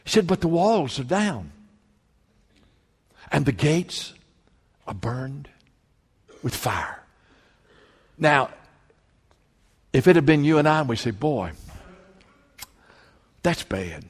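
A man preaching a sermon as pastor, reading scripture aloud with fervent emphasis that swells to near-shouting. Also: a little high, lively intonation, slow, long pauses, husky. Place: church sanctuary. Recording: long hall reverb.

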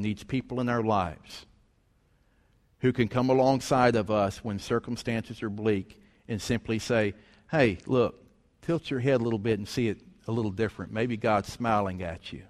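In a church sanctuary awash in long hall reverb, a middle-aged man preaches with a medium-pitched, darkish voice. He's a pastor telling stories in a folksy, conversational way, tossing out rhetorical questions.

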